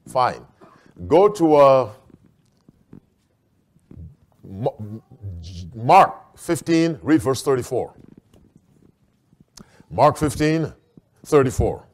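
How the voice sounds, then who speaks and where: A middle-aged man preaching a sermon in a slightly raised voice. He keeps turning to the congregation with questions and calls on them to read verses out. To land a point he slows right down and drops his voice to a hush. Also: a little high, very animated.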